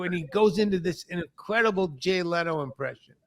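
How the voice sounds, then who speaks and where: A man's voice: high-pitched, normal speed, vocal fry. A man hosting a comedy podcast, telling stories in casual chat and acting out quotes. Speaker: podcast host.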